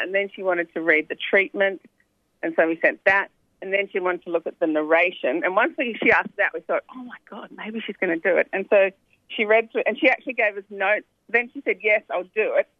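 A woman's voice: medium pitch, dry recording. Woman on a tinny phone line. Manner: animated, quick asides with "you know". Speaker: documentary filmmaker, guest. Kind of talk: phone interview, chatty storytelling. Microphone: telephone.

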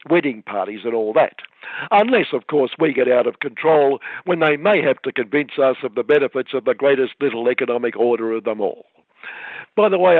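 An Australian man gives satirical radio commentary with dry, sardonic irony. His voice sits at a middle pitch and comes over a tinny, phone-like line. The sound is completely dry. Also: no echo.

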